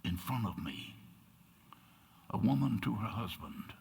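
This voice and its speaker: An older man preaching a sermon as pastor, turning dramatic and dropping to hushed whispers for emphasis. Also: on the low side, animated, a little slow, vocal fry, husky. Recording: long reverb in a church sanctuary.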